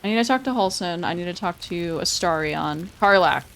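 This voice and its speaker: A woman's voice: lowish voice, fairly quick, vocal fry, a bit bright, a little hiss or hum. Chatty swearing woman gaming streamer. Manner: chatty, swears, reads dialogue options aloud. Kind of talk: casual gameplay commentary.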